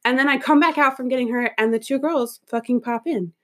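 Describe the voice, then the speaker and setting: A woman's voice: high-pitched, fairly quick. A woman who works at a salon, telling a story in casual chat, swearing freely and acting out the voices of the people in it. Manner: profane, animated storytelling with quoted voices.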